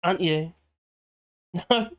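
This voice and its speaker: A hoarse man hosting a live stream, chatting in a rambling, cheeky way and giggling often. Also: high voice, slow pace. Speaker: livestream host. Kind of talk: casual live-stream chat. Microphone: headphones with a small speaker.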